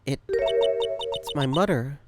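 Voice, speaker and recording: A woman's voice: rumbling low, slow pace, over loud music, voice pushed down. A woman voicing a playful young female spirit medium in a game, read aloud. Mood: somber. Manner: playful, teasing.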